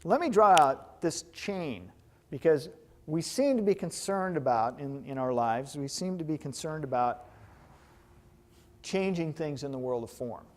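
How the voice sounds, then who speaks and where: Guy teaching a class, kinda high voice, lively, cracks jokes and quizzes the room. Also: a little slow. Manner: lively, joking asides, quizzes the audience. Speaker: hypnotherapy instructor. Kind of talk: lecture to a live class.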